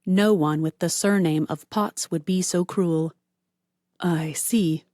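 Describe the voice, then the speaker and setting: Woman audiobook narrator, lowish voice, measured read, dry close-mic sound. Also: fairly even intonation, mellow, no room sound.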